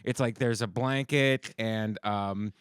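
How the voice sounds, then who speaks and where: A man's voice: on the low side, slow pace, clean tone, no echo, clean studio sound. A man co-hosting a comedy podcast, riffing in a rambling casual chat. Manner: rambling, riffs with quoted voices.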